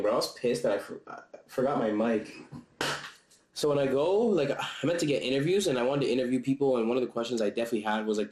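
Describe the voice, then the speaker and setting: This concert-review vlog features a young man talking casually and a little breathlessly, laughing a lot and using slang and swearing freely. His voice is mid-range and a touch mellow, and the camera-mounted mic gives a roomy, low-quality sound.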